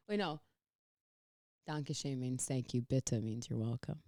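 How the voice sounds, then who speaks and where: A woman's voice: a bass voice, expressive, slow, noisy background. A young woman co-hosting a podcast, telling rambling stories with lots of giggles and "like" fillers. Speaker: podcast co-host. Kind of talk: casual chat.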